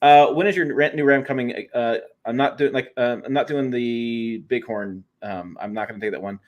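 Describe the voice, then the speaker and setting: A man co-hosting a pickup truck livestream in a loose, chatty way. He rambles, restarts his sentences often and leans on fillers while his voice stays at an ordinary mid pitch. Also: moderate pace. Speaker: co-host of a truck show. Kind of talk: casual livestream chat.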